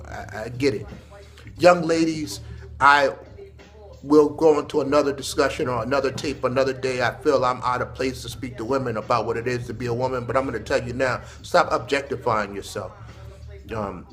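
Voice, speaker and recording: A man's voice: medium pitch, fairly bright tone. A man with a son, talking straight to young people in an earnest, preachy way that turns emotional, often repeating words and phrases. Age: adult with a son. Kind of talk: earnest direct-to-camera address.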